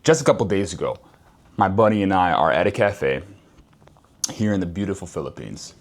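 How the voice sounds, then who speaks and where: A man speaks straight to camera in a relaxed, slang-heavy storytelling voice. His pitch jumps around a lot as he gets worked up, and he keeps circling back to repeat his points. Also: fairly quick, a little hiss or hum. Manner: animated, slangy, repeats phrases for emphasis. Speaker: vlogger. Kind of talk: casual storytelling monologue.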